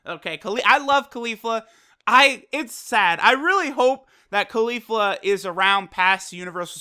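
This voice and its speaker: Bright high-voiced excited man reviewing. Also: clean tone. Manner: excited, profane, fan-style retelling. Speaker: anime reviewer. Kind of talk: casual episode review.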